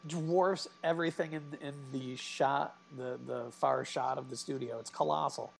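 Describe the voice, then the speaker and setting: Man, co-host, gravelly voice, joking asides, faint background hum. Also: mid-range voice, fairly even intonation. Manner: joking, asks questions, quick asides. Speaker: podcast co-host. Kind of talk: casual chat.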